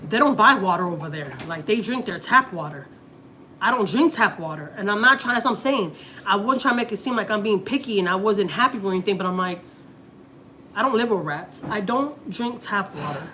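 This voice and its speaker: A Texas woman talks loosely to her viewers, circling back and repeating herself as she tells a story. Her pitch sits at a middling level. Faint noise hums under the recording. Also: animated, moderate pace, sharp tone. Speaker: family vlogger. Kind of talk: casual live-stream chat.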